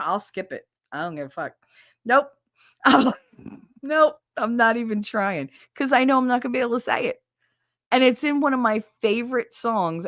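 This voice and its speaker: A woman's voice: mid-range voice, fairly bright tone, no room sound, clean studio sound. Chatty, foul-mouthed woman podcast host. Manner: swears freely and laughs often; chatty and self-mocking. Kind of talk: casual live chat with viewers.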